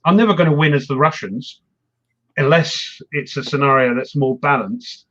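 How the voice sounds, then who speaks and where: A man's voice: medium pitch, normal speed, fairly bright tone, lo-fi sound. A man hosting a wargaming chat show, rambling and self-mocking as he talks through his games. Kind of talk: casual chat.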